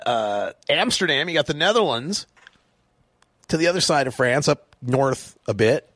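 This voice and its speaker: A man's voice: a little high, fairly bright tone, no room sound, clean studio sound. A man hosting his own talk radio show, delivering a sarcastic monologue and chuckling often. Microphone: studio microphone.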